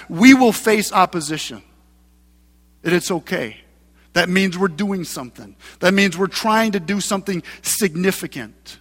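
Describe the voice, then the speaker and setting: A male pastor preaching a sermon in a church, emphatic and building to loud passages. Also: high voice. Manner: preaching with rising, emphatic mocking voices for scripture. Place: church sanctuary. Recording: long hall reverb.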